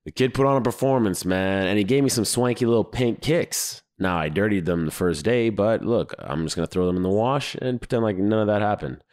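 A hoarse man hosting a podcast, telling stories in an animated, profane, casual monologue. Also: fairly low pitch, a little fast, hardly any pauses. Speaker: podcast host.

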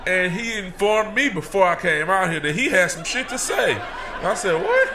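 A man playing a brash, cocky comedic talk-show persona, ranting loudly with profanity and laughing through his lines. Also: high-pitched, big pitch swings, moderate pace, a crowd in the background, noisy background. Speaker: segment host. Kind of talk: comedic in-character rant.

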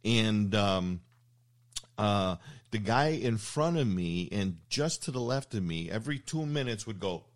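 A very deep-voiced older man hosts a relaxed chat show. He wanders through stories, pausing on ums and uhs, circling back to his point. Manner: rambling, anecdotal storyteller with many fillers. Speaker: show host. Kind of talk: casual interview chat.

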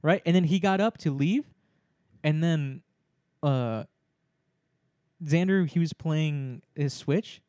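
A man's voice: on the high side, slow, dark tone, no room sound, studio quality. A young man telling a story in casual chat among friends, laughing often and acting out the people he quotes.

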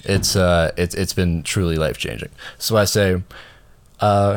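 A man's voice: deep voice, fairly even intonation, a little slow, clear, resonant tone. A man telling a rambling story in casual chat, stammering and repeating words, his voice jumping up when he gets indignant. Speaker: traveler telling an airport story.

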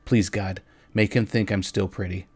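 A man's voice: on the low side, steady tone, moderate pace, darkish tone, husky. A man voicing a young, loving and anxious wife in a read-aloud story, in an earnest, pleading way. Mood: worried.

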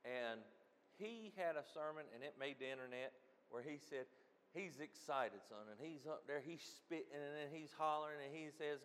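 High-voiced man preaching in a hall. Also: normal speed. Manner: animated preaching, swings from loud to quiet. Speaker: pastor. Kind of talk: sermon. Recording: long reverb of a hall.

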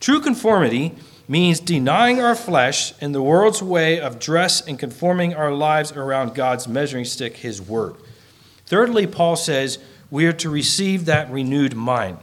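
Man preaching a sermon, fairly high voice, earnest, reads scripture in measured phrases, gets louder and higher when pressing a point. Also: expressive.

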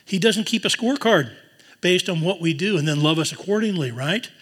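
A man preaching a sermon, earnest, dropping to a hushed voice when he quotes tender words. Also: high voice, expressive, brisk, husky. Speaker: pastor. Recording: long hall reverb.

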